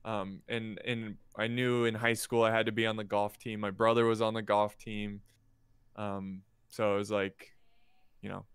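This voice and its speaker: A man's voice: on the low side, level tone, moderate pace, clear, resonant tone, no echo, studio quality. A man as a podcast guest, talking casually about sports and his YouTube channel, often trailing off. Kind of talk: casual chat.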